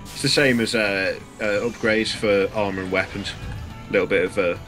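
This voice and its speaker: A man's voice: fairly low pitch, fairly even intonation, normal speed, sharp tone, soft background music. Dry-witted caster, man. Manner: dry, wry asides. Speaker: esports commentator. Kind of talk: casual play-by-play commentary.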